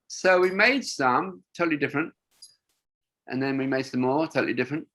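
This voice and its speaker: An older man who designs wingsuits tells rambling stories in a casual interview, with plenty of fillers and restarts. His voice is a little high, animated, a little fast, bright and forceful.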